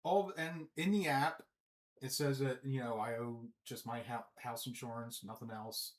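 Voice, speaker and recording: Laid-back joking man, mid pitch. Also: fairly even intonation, unhurried. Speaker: podcast guest. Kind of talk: casual chat.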